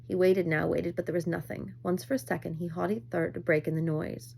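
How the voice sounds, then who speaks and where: A woman reads a novel aloud in a lowish voice. Her delivery is measured and even, with an occasional small slip. It sounds like a plain home reading. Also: gravelly, breathy edge. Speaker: reader.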